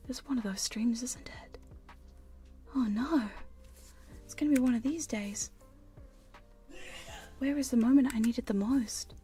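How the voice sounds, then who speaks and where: A woman chatting in a soft, giggly whisper on a live hypnosis ASMR stream, close to studio mics in her home studio. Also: a little high, unhurried, pauses often, faint music behind. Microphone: studio condenser and binaural mics.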